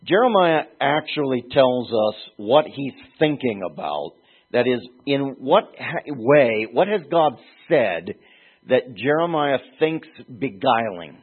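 A pastor with a husky, sing-song, medium-pitched voice preaches slowly, heard through a tinny, phone-like recording. He teaches through a Bible passage in a digressive way, building to emphatic peaks whenever he quotes scripture.

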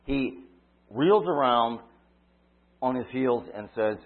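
A man preaching a sermon, retelling a story dramatically, swinging from loud cries to quiet asides. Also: medium pitch, expressive, slow. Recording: tinny phone-like line.

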